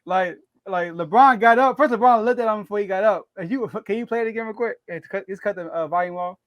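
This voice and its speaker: A man co-hosting a casual sports podcast, animated and laughing often as he makes his case. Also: fast talker, no echo. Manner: animated, laughs often, rising pitch when excited. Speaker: podcast co-host.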